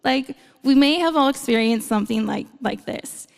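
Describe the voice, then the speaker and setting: A woman preaching a sermon, her voice set a little high with a gravelly, fry-tinged edge. She talks to the congregation in a relaxed, conversational way and slips in playful asides. A long reverb trails behind her voice in the large church hall. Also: moderate pace.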